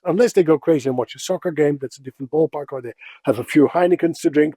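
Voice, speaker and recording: A middle-aged man from the Netherlands, speaking as an interview guest in an opinionated, animated way. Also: fairly high pitch, fast talker, no room sound. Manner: opinionated, animated, mimics others for emphasis. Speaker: guest, voice actor. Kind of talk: casual interview talk.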